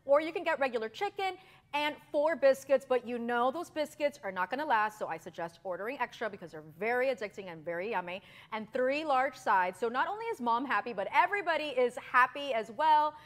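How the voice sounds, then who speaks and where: A woman's voice: sits high, expressive, a little fast, a bit bright. A middle-aged woman from Miami, a lifestyle expert chatting as a guest in an upbeat, bubbly promotional interview, repeating phrases for emphasis. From Miami, United States.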